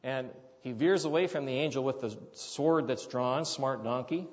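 Animated preacher man in a hall. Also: mid-range voice, normal speed, lo-fi sound. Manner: animated storyteller, loud acted quotes, drops soft for asides. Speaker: pastor. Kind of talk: sermon storytelling.

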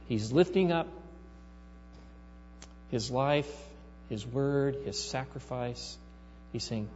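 Male preacher, mid pitch, storytelling with emphatic rises; reverberant hall, dull sound, faint mains hum. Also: a little slow, darkish tone. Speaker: pastor. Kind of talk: sermon.

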